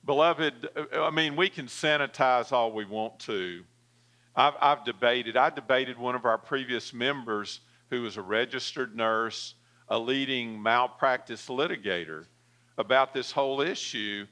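Male pastor, sermon delivery, bright and forceful, mid pitch, calls for amen. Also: unhurried. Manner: storytelling with fillers, calls for amen.

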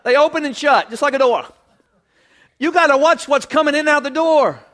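A man's voice: very high-pitched, moderate pace, fairly bright tone. A man preaching a folksy sermon, acting out little scenes in different voices.

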